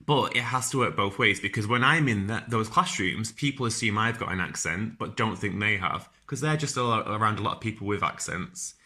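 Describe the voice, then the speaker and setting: A man's voice: lowish voice, fairly quick, few pauses, pushed and bright. A young man with a strong Northern English accent giving casual careers advice as a podcast host, chatty and informal with frequent ums and restarts.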